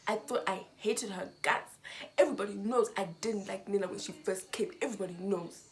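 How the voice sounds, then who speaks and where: A young woman from Zimbabwe tells a storytime vlog in her own casual voice. She relives the events with emotion, acting out the people's words as she goes. Her pitch sits in the middle of the usual range. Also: fairly quick, a little hiss or hum. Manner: emotional, animated retelling with quoted dialogue. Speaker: vlogger.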